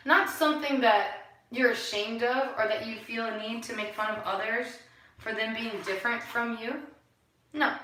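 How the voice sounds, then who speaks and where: A woman vlogger in a rambling spiritual monologue, musing and preachy, often sighing and laughing softly. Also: fairly high pitch, unhurried, long pauses, a little hiss or hum. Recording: very echoey room, far from the mic.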